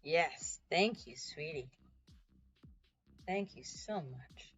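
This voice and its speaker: A woman's voice: low-pitched, expressive, very slow, fairly bright tone, highs cut off, faint music behind. A woman chatting casually on a livestream while she paints, giggly and self-mocking. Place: home.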